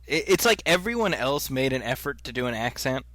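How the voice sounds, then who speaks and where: A man from Saudi Arabia co-hosting a movie podcast, joking and telling animated stories in casual chat. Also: mid-range voice, fairly quick. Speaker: podcast co-host.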